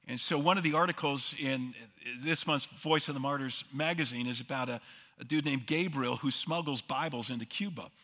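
A man's voice: fairly high pitch, pushed and bright, in a large hall. A man preaching a sermon as pastor, emphatic, with rhetorical questions and repeated words for stress.

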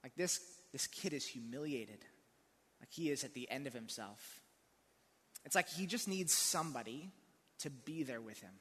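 A man's voice: medium pitch, lively intonation, normal speed, long pauses, pushed and bright, slightly rough. A male pastor telling a personal story in a conversational sermon with dry humor. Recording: long reverb of a large hall.

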